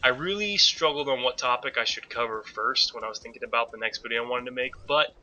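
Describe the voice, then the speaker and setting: A man hosting a gaming channel, talking through a casual game tutorial voice-over in a chatty way with joking asides and restarts, on a low-quality mic. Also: fast talker, bright, forceful tone, lo-fi sound. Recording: noisy low-quality home recording.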